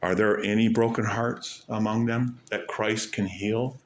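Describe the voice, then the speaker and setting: A man preaching a sermon, asking rhetorical questions and stressing points with pauses and sudden drops in volume. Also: fairly low pitch, fairly even intonation, a little hiss or hum. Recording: echoey room.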